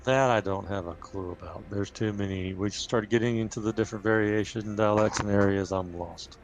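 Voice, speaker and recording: A man chatting casually on a gaming stream, laid-back and quick to laugh, thinking aloud as he talks. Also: on the low side, steady tone. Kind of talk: casual chat.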